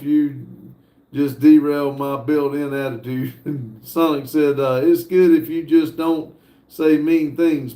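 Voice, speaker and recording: A man hosting a casual livestream, reading viewer messages aloud in an unhurried way, with frequent fillers and chuckles. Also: fairly high pitch, darkish tone, echoey room. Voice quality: laid-back, chuckles often between messages. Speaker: livestream host.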